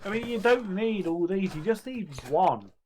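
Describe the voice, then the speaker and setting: A man with a notably high voice, chatting and joking with a friend and laughing often. Faint noise hums behind him. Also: lively intonation, normal speed, a little mellow. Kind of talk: casual chat.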